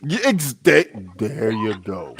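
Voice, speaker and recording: Animated man telling a story. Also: takes it slowly, vocal fry, husky. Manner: animated storytelling, acts out quotes with big pitch jumps. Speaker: podcast host. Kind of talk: casual podcast chat.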